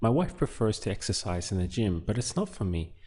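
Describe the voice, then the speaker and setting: Here a man with a mellow, lowish voice and big pitch swings walks through Spanish translations word by word. The lesson is relaxed, slow, and explanatory.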